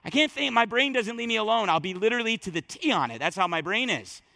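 A man preaching a sermon to his congregation, talking straight to them with emphatic, conversational delivery that drops low and surges back up. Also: big pitch swings, fast, gravelly, bright, forceful tone. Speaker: pastor. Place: church sanctuary.

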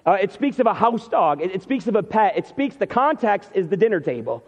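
A man's voice: high voice, sing-song, fairly quick. A man preaching a sermon, retelling the scene and acting out what the people say. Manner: storytelling, acts out scenes. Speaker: pastor. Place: church sanctuary. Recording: muffled hall reverb.

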